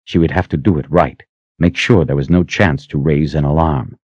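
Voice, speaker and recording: A man reading a fantasy audiobook aloud in an expressive, dramatic way. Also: very deep voice, normal speed, breathy edge, no echo. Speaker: audiobook narrator. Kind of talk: scripted fantasy narration. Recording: dry, slightly muffled audio.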